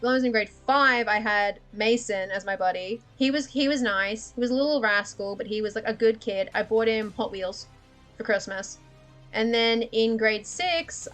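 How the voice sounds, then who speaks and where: A young woman rambles through a casual livestream chat, blunt and sweary, breaking into laughter as she talks. Her voice sits a little higher than most, with faint music playing underneath. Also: a bit bright. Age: young adult. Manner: candid, profane, laughs often. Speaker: livestream host.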